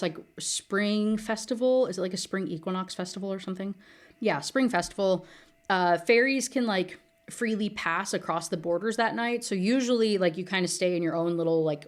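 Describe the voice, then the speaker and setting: A woman giving a casual, sarcastic book recap, full of fillers. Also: mid-range voice. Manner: chatty, filler-heavy, sarcastic. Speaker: book reviewer.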